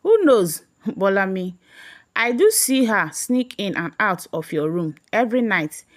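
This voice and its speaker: A woman's voice: mid-range voice, big pitch swings, unhurried, dry recording, clean studio sound. A woman voicing a sly young man who accuses his brother. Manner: mocking, accusing.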